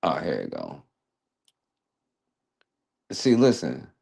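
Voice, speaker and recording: A man's voice: deep voice, wildly swooping pitch, slow, creaky, darkish tone. A man hosting a talk show, casually commenting on a video clip in a loose, slangy way.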